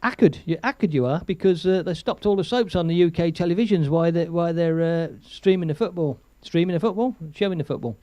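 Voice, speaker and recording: A man chats loosely on his live stream, laughing often and reading viewer messages aloud. His voice sits high for a man. The sound is dry and close, with no room around it. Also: a little fast, hardly any pauses, mellow, dry recording. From England. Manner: chatty, rambling, laughs often, reads viewer comments aloud. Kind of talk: casual live-stream chat.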